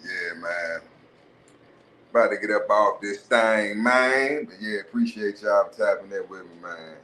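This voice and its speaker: A man hosting a podcast, ranting in a profane, animated way and putting on mocking voices. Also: low-pitched, measured pace, long pauses, a little hiss or hum, poor audio. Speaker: podcast host. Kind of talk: casual monologue.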